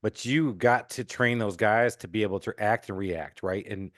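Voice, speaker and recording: A man from Michigan hosting a casual podcast chat, joking and telling stories in an animated way. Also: lowish voice, moderate pace, dry recording, studio quality. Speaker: podcast host.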